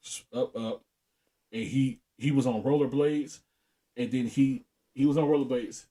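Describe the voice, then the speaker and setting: A man's voice: mid-range voice, steady tone, a little slow, dark tone. A young man co-hosting a podcast, telling a profane story in casual chat and laughing often. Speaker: podcast co-host.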